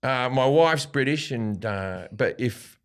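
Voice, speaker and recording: Animated, swearing Australian man telling stories. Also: mid-range voice, slow, clean tone. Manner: animated, swearing freely, acts out quotes. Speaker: comedian guest. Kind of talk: profane anecdotal storytelling.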